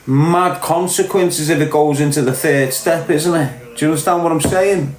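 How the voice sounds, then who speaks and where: A man with a Liverpool accent gives his opinions on a podcast. He is blunt and sweary and keeps hammering his points. His voice sits a little high and carries through an echoey room. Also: normal speed, hardly any pauses, darkish tone. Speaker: podcast commentator.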